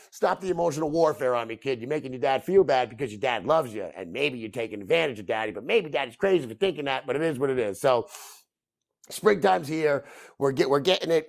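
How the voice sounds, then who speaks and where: Gravelly, rambling male podcast host. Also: fairly high pitch. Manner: rambling, filler-heavy, laughing often. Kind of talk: casual solo monologue.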